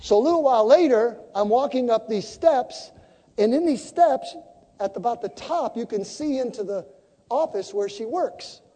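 A woman preaching a sermon as a story, animated and acting out the conversations she tells. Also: on the high side, moderate pace, long reverb tail.

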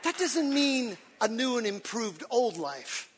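A man preaching a sermon as pastor, animated and lively, acting out quotes with shouts and laughter. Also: very high voice, slow pace, slightly rough, in a large hall.

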